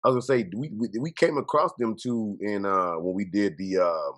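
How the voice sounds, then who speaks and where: A man's voice: lowish voice, brisk, fairly bright tone. A man co-hosting a casual podcast, reacting with short remarks and questions. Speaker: podcast co-host. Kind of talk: casual chat.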